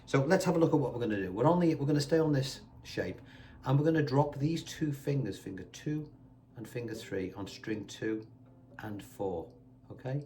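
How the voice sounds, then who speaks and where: A man's voice: medium pitch, animated, normal speed, a little hiss or hum. A man teaching a guitar lesson, chatty and reassuring, counting beats aloud as he plays. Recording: guitar playing loudly behind the voice.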